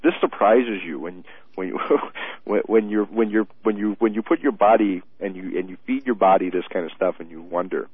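A man in casual political talk who gets animated, restarts his sentences often and laughs mid-thought, heard over a tinny phone line. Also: fairly low pitch, moderate pace, slightly rough, no room sound.

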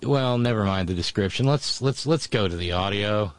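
A man hosting a show, giving mocking commentary on audio clips with sudden high exclamations. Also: normal speed, no room sound. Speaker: show host. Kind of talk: sarcastic commentary over played audio.

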